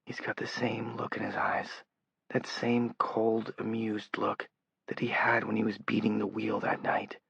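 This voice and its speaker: A man narrating an audiobook in a measured, low-key way. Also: little pitch movement, vocal fry, fairly bright tone, husky, no room sound. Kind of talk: scripted narration. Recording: dull lo-fi recording, dry.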